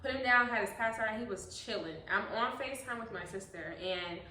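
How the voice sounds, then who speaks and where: A bright-voiced young woman tells stories in a casual chat between moms, acting out every scene and breaking into big laughs. Her voice sits a little high and sounds set back from the mic in an echoey room. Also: a little fast, distant mic. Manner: animated storyteller, acts out scenes with big laughs. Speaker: host.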